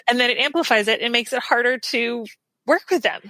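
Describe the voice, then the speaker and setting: A woman with a bright, clear voice speaks as a podcast guest. She is earnest and reflective and often laughs softly, recorded on a dry, close mic. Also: fairly high pitch, normal speed, dry recording. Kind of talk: casual interview chat.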